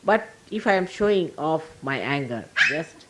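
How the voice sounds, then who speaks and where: An older woman with an Indian accent, a spiritual teacher giving a gentle, humorous sermon to her followers. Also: sits low, lively intonation, unhurried, very noisy. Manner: gentle, humorous, laughing as she talks.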